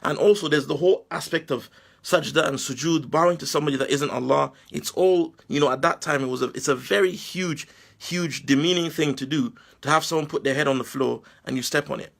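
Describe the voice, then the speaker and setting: A Nigerian man giving a forceful, preachy monologue full of rhetorical questions. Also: fairly high pitch, brisk, vocal fry. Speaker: Muslim commentator. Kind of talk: impassioned video monologue.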